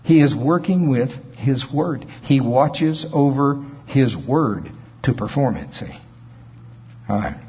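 A man preaching a sermon in a folksy, animated way, acting out scripture scenes in different voices. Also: medium pitch, slow pace, breathy edge. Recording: dull lo-fi recording.

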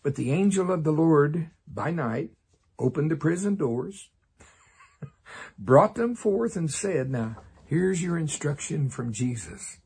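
A man's voice: on the high side, animated, takes it slowly, vocal fry, a little mellow, husky. A man preaching a sermon, laughing often and making sarcastic asides. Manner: sarcastic, laughing, acts out voices.

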